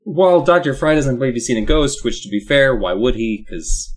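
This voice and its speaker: A man co-hosting a podcast who talks in a loose, profane, jokey way. His pitch rises and falls with a lot of life. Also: expressive, fairly quick. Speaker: podcast co-host. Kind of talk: casual chat recapping an episode.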